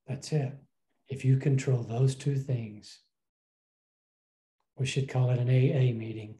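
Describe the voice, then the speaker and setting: A man giving a slow, emphatic motivational talk on a video call, his voice hoarse and fading. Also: mid-range voice, fairly even intonation, mellow. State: losing his voice. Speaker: team leader speaker.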